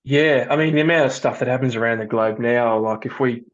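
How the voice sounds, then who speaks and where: A man hosting a podcast, asking questions in a relaxed way and laughing along. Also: medium pitch, fairly quick, dull audio. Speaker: podcast host. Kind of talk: casual interview.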